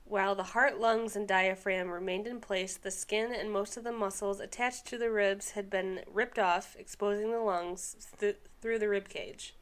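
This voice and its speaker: A woman's voice: mid-range voice, fairly even intonation, normal speed, hardly any pauses, a bit bright. A young adult woman co-hosting a podcast, reading a story aloud and breaking off for casual asides and stumbles. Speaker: podcast co-host.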